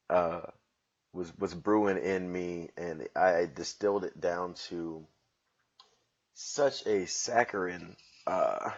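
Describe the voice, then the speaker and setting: A man's voice: on the low side, highs cut off. Wry, profane man telling a story. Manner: profane, wry and self-mocking. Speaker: podcast host. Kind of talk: casual storytelling.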